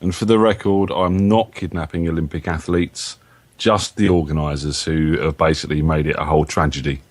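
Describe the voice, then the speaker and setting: English male panelist, very low voice, wry humor, dry sound. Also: steady tone, fairly quick, dry recording. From England. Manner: wry, joking. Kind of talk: casual webcast banter.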